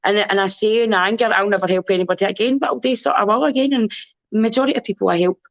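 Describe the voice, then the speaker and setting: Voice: medium pitch, quick pace, gravelly, dull audio. A podcast guest with a Scottish accent, chatting casually in a rambling, earnest way and swearing freely. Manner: rambling, earnest, swears freely, repeats "you know what I mean". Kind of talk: casual chat.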